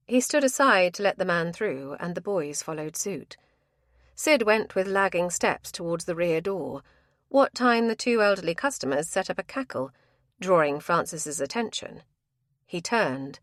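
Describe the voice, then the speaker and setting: A woman narrating an audiobook in a measured storytelling manner. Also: fairly low pitch, expressive, no echo, clean studio sound. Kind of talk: scripted narration.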